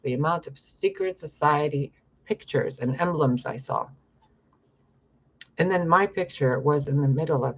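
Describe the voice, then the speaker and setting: A man's voice: a little high, fairly bright tone, lo-fi sound, a little hiss or hum. A young man talking in a rambling, profane monologue to camera about his spiritual visions. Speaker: spiritual vlogger.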